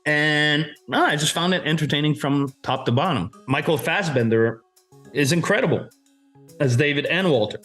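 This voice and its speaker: A man's voice: fairly high pitch, moderate pace, fairly bright tone, faint music behind. Emphatic man arguing in casual debate. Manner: emphatic, swears casually, argues point by point. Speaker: co-host debating a film.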